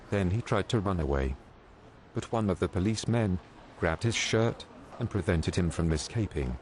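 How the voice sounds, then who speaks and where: A man telling crude jokes as a narrator, in a deadpan storytelling manner with teasing rhetorical questions. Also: low voice. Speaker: joke narrator. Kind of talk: scripted joke storytelling. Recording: noisy background hiss.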